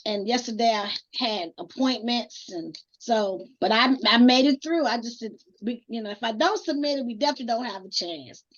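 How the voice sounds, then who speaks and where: Woman, high voice, earnest, self-correcting, casual group chat, muffled lo-fi audio. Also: moderate pace, few pauses. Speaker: co-host. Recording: dull lo-fi audio.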